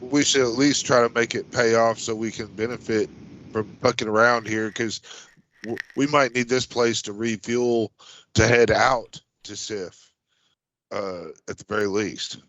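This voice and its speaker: A man's voice: mid-range voice, fairly even intonation, unhurried, a bit bright, no room sound, highs cut off. A man playing in a tabletop game, chatting casually and hesitantly, often repeating himself. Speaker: player.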